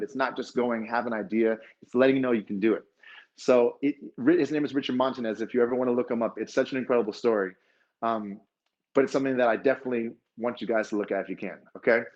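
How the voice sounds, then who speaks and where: A man speaks at a conference in an earnest, openly emotional way, walking through stories and lessons. His voice sits at a middle pitch. The sound is dull and a little lo-fi. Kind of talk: motivational talk.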